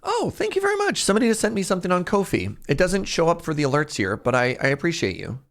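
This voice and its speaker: Gravelly, lively male streamer. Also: a little high, quick pace. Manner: jokey, chatty, reads chat aloud and laughs often. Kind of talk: casual live-stream chat.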